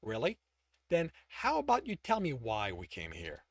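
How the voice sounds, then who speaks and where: A calm, patient mentor, as a man reads him speaks softly and steadily, dropping below the narrating voice. The sound is close and dry. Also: medium pitch, normal speed, dry recording.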